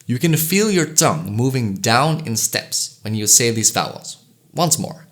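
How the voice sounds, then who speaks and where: A man giving a scripted educational voice-over, explaining pronunciation clearly and slowly sounding out example vowels. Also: mid-range voice, sing-song. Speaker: language educator.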